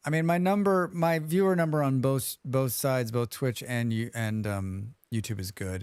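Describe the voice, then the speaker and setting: A man's voice: mid-range voice, moderate pace, few pauses, a little mellow, clear, resonant tone, no room sound. A man streaming a survival game live, chatting casually, reading viewer comments aloud and humming to himself as he plays. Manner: chatty, reads chat aloud and hums to himself.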